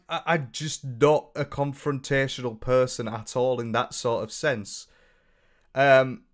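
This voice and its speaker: A man's voice: medium pitch, a bit bright. A young British man giving casual reaction commentary, blunt and sweary, mocking his subject and reading viewer comments aloud. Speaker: commentary YouTuber.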